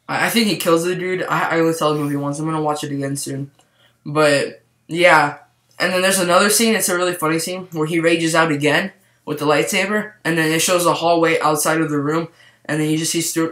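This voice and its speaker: A man giving a casual movie review to camera, rambling and excited, with lots of "like" fillers. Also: fairly high pitch. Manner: rambling, excitable, heavy use of "like". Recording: roomy echo.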